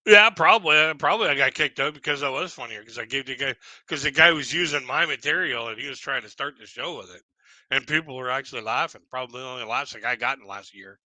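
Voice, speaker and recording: Bright-voiced man rambling. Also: mid-range voice, fast, no room sound, rough recording. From Canada. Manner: rambling, with many restarts and chuckles. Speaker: livestream host. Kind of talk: casual storytelling chat.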